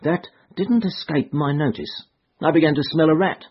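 Man doing a cocky detective, eager, kinda higher voice, husky. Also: normal speed, muffled recording. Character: shrewd, self-satisfied male police detective.

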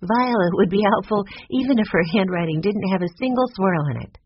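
A narrator voicing a sensible older sister who talks in a cheerful, brisk way. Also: medium pitch, breathy edge, no echo, pitched above the performer's own voice, natural voice. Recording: dull lo-fi recording.

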